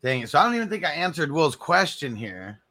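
Bright hyped man hosting a live stream. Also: on the high side, quick pace. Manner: hyped, shout-outs to viewers, relaxed banter. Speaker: livestream host. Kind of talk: casual live-stream chat.

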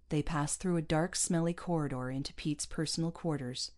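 Storybook narrator, woman, slightly low voice, measured and even. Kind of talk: audiobook narration.

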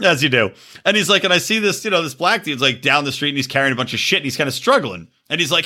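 Man, podcast co-host, lively storytelling, bright tense voice, acts out quotes, laughs a lot. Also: fairly high pitch, quick pace. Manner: profane, laughs often. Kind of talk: casual storytelling chat.

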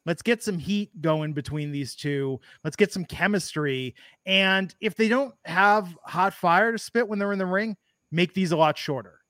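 A high-pitched man co-hosts a casual chat. He riffs with a joking, sarcastic edge. His voice sounds dry and close, with no room around it. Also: unhurried, pushed and bright, dry recording. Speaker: podcast co-host.

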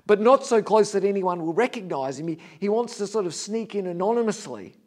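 A preacher tells a story to his congregation in a somewhat higher male voice. He retells it vividly, rising loud and then dropping to a near hush. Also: lively intonation, a little fast. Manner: vivid retelling, swings between loud and hushed. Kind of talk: sermon storytelling.

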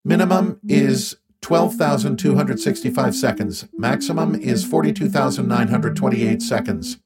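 A man's voice: mid-range voice, normal speed, voice pushed up, lightly acted. A man voicing a blunt, many-legged male alien engineer who speaks in clipped, broken grammar in an audiobook. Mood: matter-of-fact. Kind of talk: audiobook character voice.

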